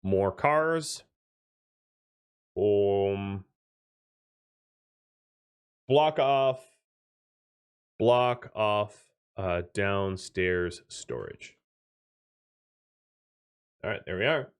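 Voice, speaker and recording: A man's voice: fairly low pitch, very slow, pauses often, clean tone. Chatty man streaming a survival game. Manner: chatty, thanks viewers, thinks aloud with fillers. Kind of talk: casual gameplay commentary.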